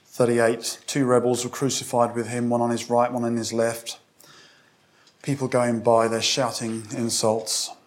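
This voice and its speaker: A man's voice: medium pitch, flat delivery, measured pace. A man preaching a sermon, speaking conversationally to a congregation and reading scripture aloud with emphasis. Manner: conversational with restarts and direct questions to congregation.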